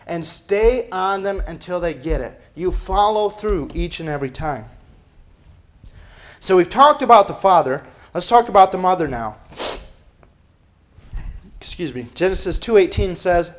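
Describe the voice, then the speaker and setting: A man's voice: high-pitched, lively intonation, a little slow, pauses often, a bit bright. A man preaching a sermon as pastor, emphatic and firing off rhetorical questions. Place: church.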